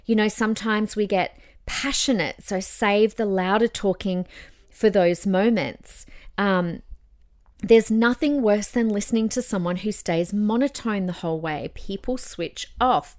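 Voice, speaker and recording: A woman's voice: medium pitch, normal speed. Encouraging woman giving voice advice. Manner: encouraging, demonstrates voice changes as she talks. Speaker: podcast host and voice coach. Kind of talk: casual advice podcast.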